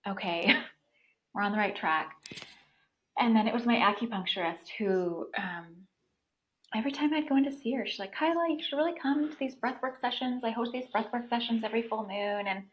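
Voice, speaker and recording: A woman in her thirties telling her own story as a podcast guest, in an animated, casual way, with many "like" fillers. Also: fairly high pitch, fairly quick, rough recording. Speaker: podcast guest, breathwork facilitator.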